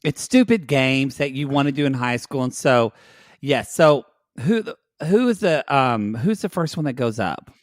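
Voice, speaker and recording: A man's voice: mid-range voice, expressive, normal speed, dry recording, clean studio sound. A man co-hosting a podcast, chatting casually and gossipily about a reality show and calling his listeners y'all. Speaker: podcast co-host.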